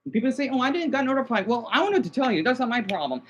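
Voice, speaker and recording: A man's voice: extremely high pitch, animated, very fast, hardly any pauses. A man livestreaming in casual chat, agitated and swearing as he talks to his viewers.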